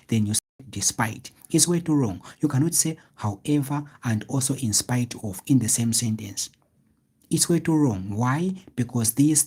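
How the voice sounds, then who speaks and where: A man's voice: mid-range voice, darkish tone, husky. A man tutoring a live online grammar lesson. He repeats points and asks half-questions ending in "what?", then answers them himself. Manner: repetitive, checks understanding often.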